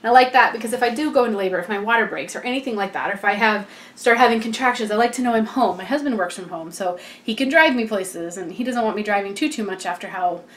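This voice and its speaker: A woman's voice: medium pitch, fairly bright tone. A heavily pregnant young woman giving a casual, rambling vlog update, chatty and laughing often. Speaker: vlogger.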